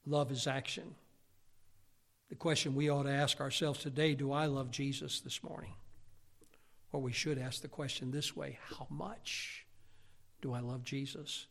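A male pastor preaching a sermon, swinging from loud, emphatic lines to hushed ones. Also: mid-range voice, level tone, unhurried, creaky, pauses often. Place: church sanctuary. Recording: long reverb of a church hall.

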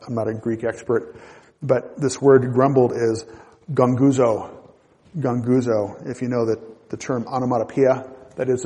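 A man reading Bible verses aloud and explaining them in a measured, reflective way, with small restarts. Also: mid-range voice, mellow, in a large hall. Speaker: Bible teacher.

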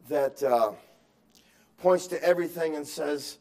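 A male pastor preaching a sermon, moving between quiet musing and loud, emphatic exhortation, with repeated words and restarts. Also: fairly high pitch, moderate pace. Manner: acts out excuses in quoted voices.

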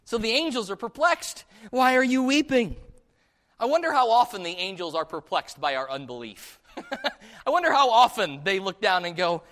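High, lively male preacher. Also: a little fast. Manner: asks the congregation many rhetorical questions. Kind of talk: sermon. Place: church service.

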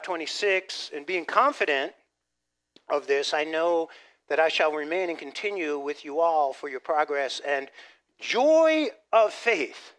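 A man preaching a sermon as pastor, animated, dropping from loud emphasis to soft asides and restarting phrases. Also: a little high. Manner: repeats words as he restarts phrases.

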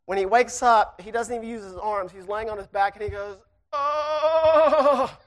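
A preacher telling a personal story to the church in a folksy, animated way and then preaching fervently. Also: mid-range voice, brisk.

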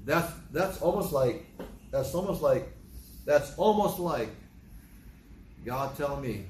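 An older man delivers a sermon in a relaxed, conversational way. He acts out both sides of little dialogues with sudden rises in pitch. The room is echoey, with a faint hum underneath. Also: slow. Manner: conversational storytelling, acting out dialogue with pitch jumps. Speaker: preacher.

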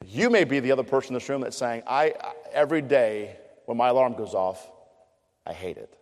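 A man's voice: medium pitch, animated, brisk, a little mellow. Man preaching in a reverberant chapel. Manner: storytelling, earnest and conversational. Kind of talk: sermon. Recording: long hall reverb.

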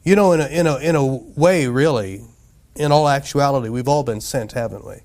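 This sermon comes from a male pastor with a medium-pitched, slightly mellow voice, talking a little fast. He keeps it casual, frequently questions the congregation, and performs quoted voices.

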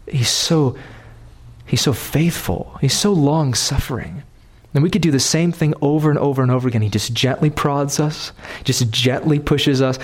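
A man preaching a sermon, pleading and repeating phrases for emphasis, rising to impassioned emphasis and settling into quiet prayer. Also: mid-range voice, normal speed, breathy edge.

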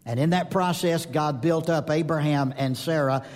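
A man preaching a sermon to a live congregation, telling lively stories and acting out the voices of the people in them. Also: fairly high pitch, moderate pace. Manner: animated storytelling, acts out voices in anecdotes. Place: church or conference hall. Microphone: speaking to a live audience. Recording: long reverb of a large hall.

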